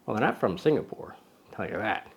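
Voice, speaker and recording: A man's voice: lowish voice, very animated, fast talker, creaky. Playful joking man hosting camera chat. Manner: playful, teasing, talks to a little buddy sidekick; loose and rambling, with many ums and self-corrections. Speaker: camera channel host.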